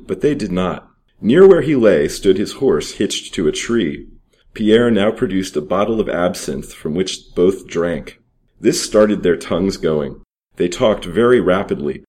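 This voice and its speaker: A man reading aloud an old adventure story and period advertisements in a steady, measured way. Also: low-pitched. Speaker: reader.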